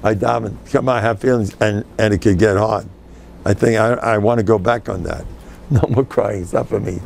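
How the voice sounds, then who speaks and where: An older man giving an informal, animated Torah class as a rabbi, sprinkling Yiddish and Hebrew phrases. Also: on the low side, fairly quick, gravelly, slight background noise.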